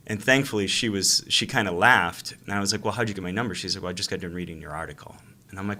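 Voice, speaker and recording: A man's voice: low voice, fast, few pauses. A man, a real estate guest in an interview, telling his story casually and acting out old phone calls. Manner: animated storyteller who acts out phone calls.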